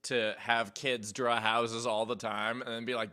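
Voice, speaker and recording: A man hosting a comedy show, bantering loudly and excitably with a guest. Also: mid-range voice, measured pace, clear, resonant tone. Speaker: show host.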